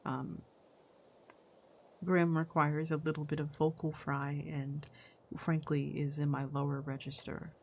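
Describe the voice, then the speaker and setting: A woman's voice: sits low, little pitch movement, measured pace, gravelly, slight background noise. A woman voice actress streaming a game, chatting playfully and reading its dialogue aloud. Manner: playful, chatty, with fillers and restarts.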